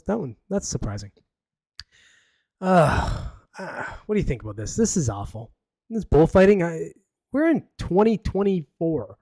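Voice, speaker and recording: A man's voice: a little high, dark tone, no echo. A man hosting a live podcast, reading news aloud with sarcastic, rambling asides. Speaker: podcast host. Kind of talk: casual live podcast commentary.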